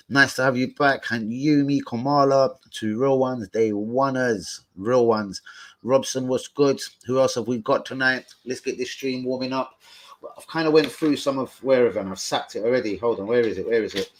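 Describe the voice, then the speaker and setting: Slangy, profane young man streaming live. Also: mid-range voice. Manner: profane, combative banter with chat trolls, slangy. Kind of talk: casual live-stream chat.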